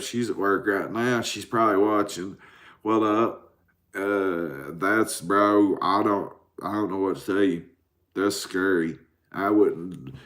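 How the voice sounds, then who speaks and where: A man in his forties rambling and cussing on a late-night livestream, tired and answering viewers. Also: fairly low pitch. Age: 40s. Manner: rambling, profane, drowsy. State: tired from a caffeine crash. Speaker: livestream host.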